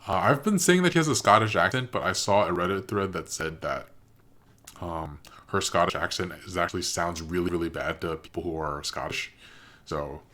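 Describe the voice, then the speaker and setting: A man's voice: deep voice, lively intonation, normal speed, a bit bright. A man hosting a reaction video, giving casual, thoughtful commentary and analysing what he has watched.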